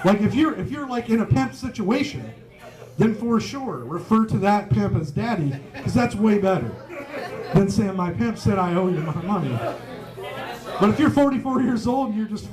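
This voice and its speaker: A man's voice: sits high, lively intonation, moderate pace, a crowd in the background. A man doing a stand-up set on a pub stage, swearing freely and chuckling at his own jokes. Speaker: stand-up comedian. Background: faint live audience.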